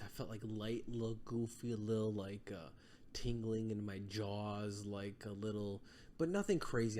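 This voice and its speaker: A man's voice: fairly low pitch, a little mellow, slight background noise. A man as a podcast guest, telling long rambling stories in casual chat, full of fillers. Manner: rambling storytelling with many fillers.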